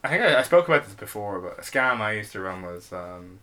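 A young man hosting a podcast, throwing in quick teasing quips and laughing a lot. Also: lowish voice, sing-song, bright, forceful tone. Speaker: podcast host. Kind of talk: casual podcast chat.

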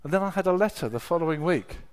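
A middle-aged man preaching a sermon, telling personal stories with emotion, dropping to a hush and then rising to loud exclamations. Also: a little high, animated, fast. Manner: emotional, swings from hushed storytelling to loud exclamation.

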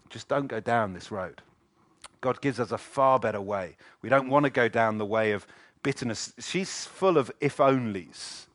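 Animated middle-aged preacher. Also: male voice, lowish voice, normal speed, no room sound, studio quality. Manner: animated preaching, acting out quoted voices. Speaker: pastor. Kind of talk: sermon. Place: church.

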